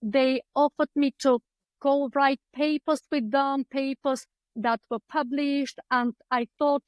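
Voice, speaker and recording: A woman with an Eastern European accent talks on a video call from a book-filled room at home. Her voice sits high, and the sound is close and dry. She tells her story chattily, filling gaps with ums and playing out her own past thoughts. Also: fairly even intonation, takes it slowly, no echo, poor audio. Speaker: guest, clinical psychologist. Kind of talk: conversational interview storytelling. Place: home room lined with books.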